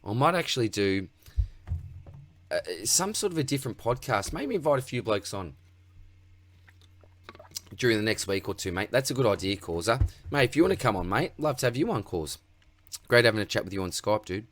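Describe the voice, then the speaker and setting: A man's voice: fairly low pitch, big pitch swings, a little fast, long pauses, a bit bright, slight background noise. A man with an Australian accent hosting a casual livestream Q&A, reading viewer questions aloud and answering in a laid-back way, calling everyone mate. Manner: laid-back, reads chat aloud, says mate constantly.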